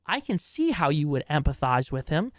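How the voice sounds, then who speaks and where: A man's voice: a little high, big pitch swings, moderate pace, dry recording, studio quality. Exasperated, swearing male streamer. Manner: profane, exasperated, ranting; chats to his stream chat in between. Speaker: streamer reacting to a video. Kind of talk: live-stream reaction commentary.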